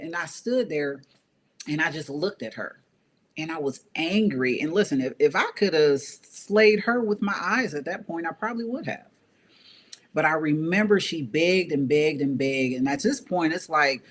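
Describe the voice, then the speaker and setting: A woman's voice: low-pitched, lively intonation, moderate pace. Earnest woman telling her story. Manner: earnest, repeats phrases for emphasis; conversational, with frequent fillers. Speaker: guest. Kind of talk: personal testimony, storytelling.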